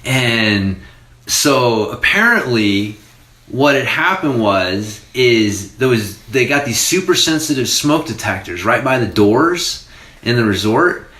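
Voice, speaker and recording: A man's voice: mid-range voice, takes it slowly, echoey room. Laid-back man in his forties swearing. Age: 40s. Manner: animated, laughing, swears freely. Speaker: podcast host. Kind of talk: casual storytelling chat.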